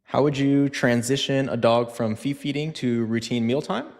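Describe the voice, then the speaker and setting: A dog trainer speaks in a slightly mellow mid-range voice at a moderate pace from a large hall. During his live Q&A stream he chats casually with lots of fillers and performs scenes in funny voices.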